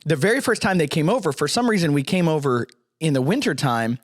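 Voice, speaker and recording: A man's voice: on the high side, animated, fast talker. A man hosting a casual podcast, telling a story with energy and acting out the voices of the people in it. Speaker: podcast host.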